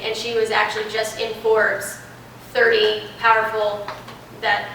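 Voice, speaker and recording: A young woman in her twenties talks to a class as a guest speaker, telling stories in an animated, chatty way. Her voice is bright and sits a touch high. The sound comes from across a large, very echoey room, with faint noise underneath. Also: recorded from a distance. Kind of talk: classroom Q&A talk.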